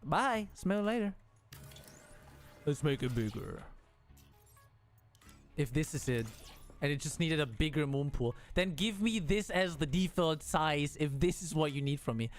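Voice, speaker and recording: A man's voice: fairly high pitch, moderate pace, faint music behind. A man streaming a game, talking casually to himself and the game, frustrated and joking as he builds. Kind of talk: casual gameplay commentary.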